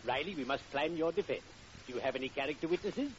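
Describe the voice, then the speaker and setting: A man's voice: on the high side, expressive, fast talker, lightly acted. Oily undertaker, played by a man, formal and punning; vintage radio sound, muffled with hiss. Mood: unctuous. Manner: unctuous, punning, grandly formal. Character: oily cheerful undertaker, middle-aged man. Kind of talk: 1940s radio acting. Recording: dull hissy old radio broadcast.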